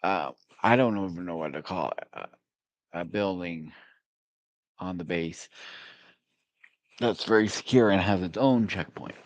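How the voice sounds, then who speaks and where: Deep-voiced man rambling through a story. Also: dry recording. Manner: rambling, halting, with many fillers and chuckles. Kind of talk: telling a personal faith story.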